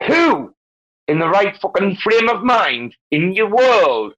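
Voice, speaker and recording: A man's voice: high voice, big pitch swings, slow pace, a bit bright. A man, talking in rowdy, rambling, sweary banter as a guest in an online audio chat. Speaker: guest speaker in a crypto audio space. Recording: muffled lo-fi online call audio.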